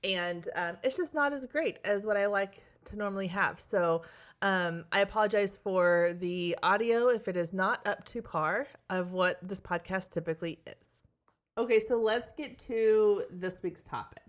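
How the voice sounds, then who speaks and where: A woman in her forties hosting a solo podcast, slightly hoarse from losing her voice, talking in a chatty, candid way with frequent ums, on a backup podcast microphone. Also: mid-range voice, measured pace. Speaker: podcast host and photography marketing coach. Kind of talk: casual solo podcast talk.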